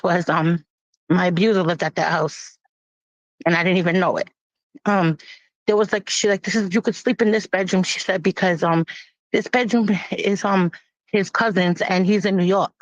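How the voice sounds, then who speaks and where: A woman giving a personal testimony in a plain-spoken, halting, grave way. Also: lowish voice, steady tone, dry recording. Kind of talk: personal testimony, casual storytelling. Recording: dull lo-fi, dry.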